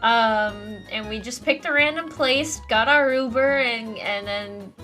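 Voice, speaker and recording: A young woman hosts a casual chat stream. Her voice is high and bright, and she rambles and giggles often. Soft music plays underneath. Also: measured pace. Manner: giggly, rambling, frequent laughter.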